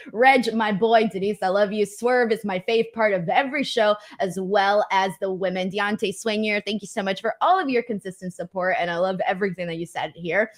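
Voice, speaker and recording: A young adult woman co-hosting a casual wrestling podcast, playful and teasing, laughing often as she reads viewer comments. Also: mid-range voice. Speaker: co-host.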